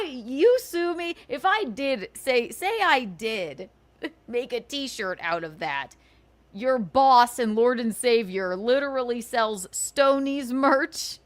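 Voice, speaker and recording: Animated woman ranting sarcastically on stream. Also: on the high side. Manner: sarcastic, profane, laughing; indignant, scolding. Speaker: livestream host. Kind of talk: ranting livestream chat.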